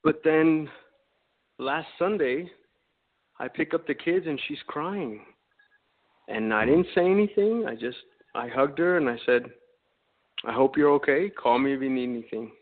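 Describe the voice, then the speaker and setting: A man's voice: on the high side, measured pace, pauses often. Man calling in over a tinny phone line. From Texas. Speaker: caller.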